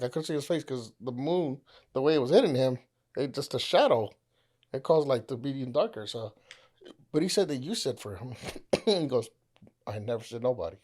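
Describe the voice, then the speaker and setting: A man's voice: medium pitch, a little mellow. A man on a podcast, casually telling a ghost story, rambling, swearing and acting out the people in it. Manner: rambling, acts out quoted voices, swears, laughs often.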